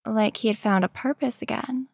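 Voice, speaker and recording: A woman reading a story aloud in a slow, measured storytelling manner. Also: on the high side, creaky, darkish tone, husky, no echo, studio quality. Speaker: narrator. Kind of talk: fan fiction reading.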